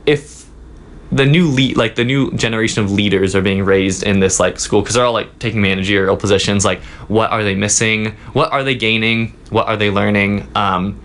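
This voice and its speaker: A young man, a student guest in a casual interview, telling a story in a halting way with many fillers. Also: lowish voice, fairly even intonation, fairly bright tone. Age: young adult. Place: office.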